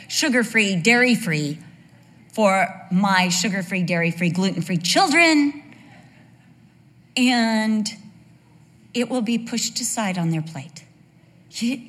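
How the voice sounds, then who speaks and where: A woman's voice: on the high side, a bit bright. A woman, a pastor's wife, giving a candid and humorous church talk full of personal asides. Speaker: pastor's wife speaking to a congregation. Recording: long hall reverb.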